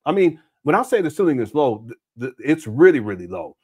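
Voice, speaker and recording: A man's voice: medium pitch, big pitch swings, a little fast, breathy edge. Rambling, laughing man hosting a livestream. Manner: rambling, frequent restarts and fillers; loud, laughing banter with viewers. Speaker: host. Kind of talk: casual livestream commentary.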